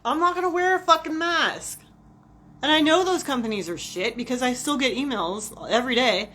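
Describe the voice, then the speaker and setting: A woman ranting casually to camera about work, profane, animated and self-mocking. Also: high voice, moderate pace. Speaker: vlogger.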